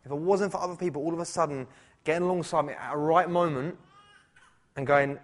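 A man's voice: a little high, fast. A man preaching a sermon at a church service, talking conversationally and asking rhetorical questions. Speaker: pastor.

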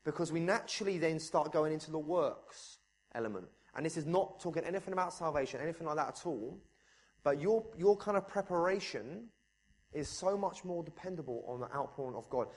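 Preaching with fervor, a man moves between quiet, low stretches and loud, high ones, putting questions straight to the congregation. His delivery is animated and brisk.

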